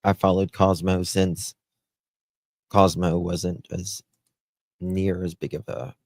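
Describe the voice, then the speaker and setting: A man's voice: low-pitched, level tone, slow pace, darkish tone, no room sound. A man hosting a live true-crime stream, chatty and exclamatory, thinking aloud as he goes.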